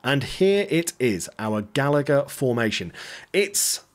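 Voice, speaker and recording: A man's voice: mid-range voice, big pitch swings, slow pace. A man giving upbeat, chatty commentary over a football management game, with jokey asides. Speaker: gaming YouTuber.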